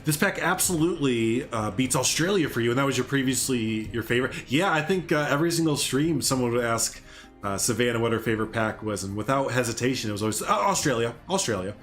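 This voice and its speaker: A man's voice: medium pitch, fast talker, fairly bright tone, faint music behind. A young man rambling casually on a live game stream, chatting with viewers as he builds. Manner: rambling, chatty, reads and answers chat.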